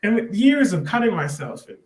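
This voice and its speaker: A man's voice: high-pitched, moderate pace, over a noisy crowd. Man telling his story in a roomy room. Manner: rambling, animated retelling with restarts. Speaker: podcast guest. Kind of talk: personal storytelling in an interview. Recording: roomy echo.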